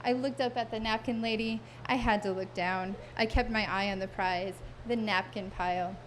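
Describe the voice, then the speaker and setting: A woman telling a funny personal story on a stage before an audience, wry and self-mocking, with vivid detail and dramatic pauses. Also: medium pitch, steady tone, slight background noise.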